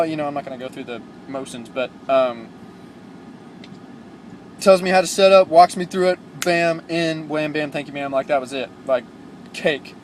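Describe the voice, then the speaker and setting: A young man, a new truck driver, telling stories in a casual, rambling vlog, full of fillers and excited asides. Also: a little high, moderate pace, slight background noise.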